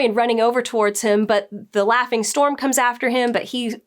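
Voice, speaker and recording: A woman's voice: fairly high pitch, fairly even intonation, a little fast. A woman who works as a book editor, chatting casually through a TV episode review and acting out the characters' lines as she goes.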